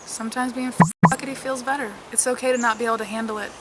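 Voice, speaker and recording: A woman's voice: on the high side, fairly even intonation, very noisy. Worn-out woman talking candidly. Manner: candid, halting, swings between soft and loud. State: unwell and worn out. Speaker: vlogger. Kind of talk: emotional personal vlog.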